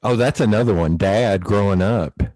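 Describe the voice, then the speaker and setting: Deep-voiced man hosting a casual podcast. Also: normal speed, no echo, rough recording. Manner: animated storyteller, swears casually. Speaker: podcast host. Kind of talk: casual conversation.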